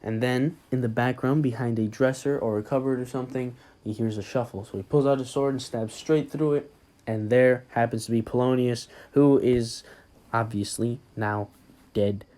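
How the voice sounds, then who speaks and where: Mellow-voiced man retelling a plot. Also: medium pitch, steady tone, normal speed.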